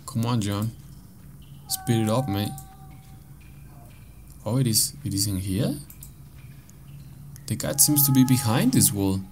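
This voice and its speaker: Profane, jumpy let's-play man, lowish voice. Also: slow, long pauses, slight background noise. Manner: swears a lot, excitable startled reactions. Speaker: gameplay commentator.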